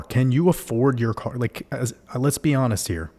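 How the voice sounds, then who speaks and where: A man's voice: medium pitch, animated, normal speed, warm tone. A man hosting a livestream, talking casually and animatedly to his viewers, swearing and firing off rhetorical questions. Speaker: livestream host.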